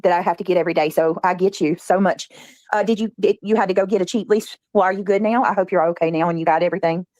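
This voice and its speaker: A woman's voice: lowish voice, steady tone, fast, a little mellow, dry recording, highs cut off. Chatty woman, dry close sound. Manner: chatty, reads viewer comments aloud. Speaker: livestreamer. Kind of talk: casual livestream chat.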